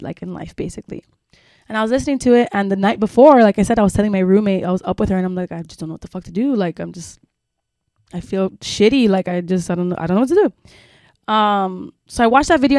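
A woman's voice: mid-range voice, a little mellow, no room sound. A woman co-hosting a chatty podcast, spinning a long personal story full of "like" and casual swearing. Her voice sits in a middle register. The recording is dry and close, with no room sound. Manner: rambling storytelling with many fillers and swearing. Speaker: podcast co-host. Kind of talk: casual chat.

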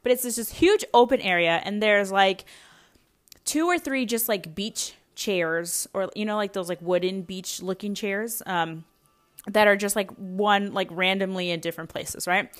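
A woman's voice: medium pitch, measured pace. Young mother rambling through a story. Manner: rambling, many fillers and restarts, anxious retelling. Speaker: podcast host. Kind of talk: casual storytelling monologue.

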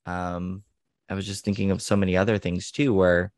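A man's voice: sits low, flat delivery, normal speed, a little mellow, no room sound, studio quality. A man co-hosting a parenting podcast, explaining at length in a casual way, often restarting words. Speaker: podcast co-host.

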